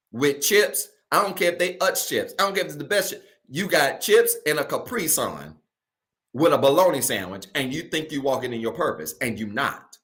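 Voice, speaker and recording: A middle-aged pastor preaches a sermon, his pitch swinging up and down as he drives each point home. He is emphatic and repeats his key lines slowly so they land. He is a man from Virginia. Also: animated, fairly bright tone.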